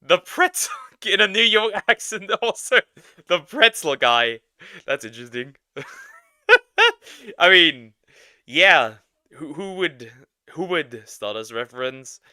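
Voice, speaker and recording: A man's voice: fairly high pitch, wildly swooping pitch, takes it slowly, pauses often, sharp tone, clear, resonant tone, no echo, studio quality. A young man streaming, giving chatty, rambling reaction commentary and laughing often. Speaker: VTuber streamer.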